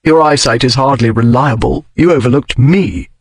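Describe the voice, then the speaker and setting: A man's voice: medium pitch, normal speed, no room sound, lightly acted. A man narrating an audiobook, voicing a sardonic, teasing aristocratic duke in a dry, mocking tone. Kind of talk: audiobook character voice.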